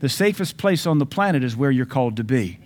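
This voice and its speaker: A man's voice: medium pitch, lively intonation, fast. Emphatic male pastor preaching. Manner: emphatic preaching with sudden loud and soft swings. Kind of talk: sermon.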